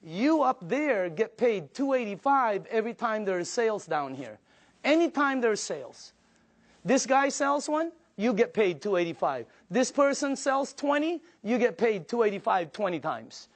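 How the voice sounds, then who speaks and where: A middle-aged man with a notably high voice pitches a business opportunity to a live room. He talks with emphatic energy and keeps firing questions at his listeners to draw them in. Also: moderate pace. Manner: energetic, emphatic, quizzes the audience. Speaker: business presenter. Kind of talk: sales pitch to a live audience.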